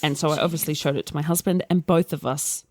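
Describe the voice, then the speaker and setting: A woman's voice: sits low, steady tone, fast, noisy background. A woman co-hosting a podcast, telling a story in casual chat with dry, sarcastic humor. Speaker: podcast co-host.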